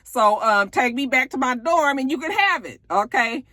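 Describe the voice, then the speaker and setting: A man's voice: extremely high pitch, lively intonation, moderate pace, bright, forceful tone, no echo, clean studio sound, voice pushed up, exaggerated voice. A woman voicing a spoiled, privileged young man who pleads in a whiny way. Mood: pleading.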